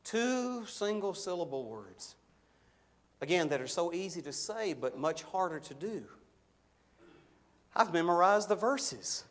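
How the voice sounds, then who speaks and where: A middle-aged man preaching a sermon, slowing and swelling on key words for emphasis. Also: high-pitched, fairly bright tone. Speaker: pastor.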